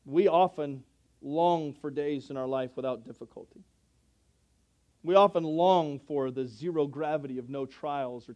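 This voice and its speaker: A man preaching a sermon to a congregation, swinging between loud, rising declarations and quiet, earnest asides. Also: on the high side. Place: church before a congregation.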